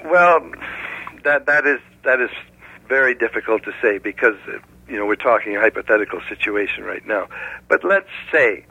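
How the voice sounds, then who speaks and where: A man from Canada, speaking as a guest in a phone interview, explaining things in a measured way with hypotheticals. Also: medium pitch, expressive, creaky, sharp tone, husky. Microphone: telephone. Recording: tinny dry phone line.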